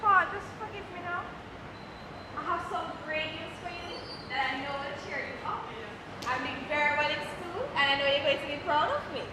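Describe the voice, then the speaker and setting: A woman's voice: sits high, normal speed, close to an everyday voice. A young woman playing a pleading, exasperated college-student daughter in a live stage comedy. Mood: coaxing. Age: young adult. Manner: pleading, exasperated, crisp standard English. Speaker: stage actor. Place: theatre stage with live audience. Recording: reverberant hall, audience noise.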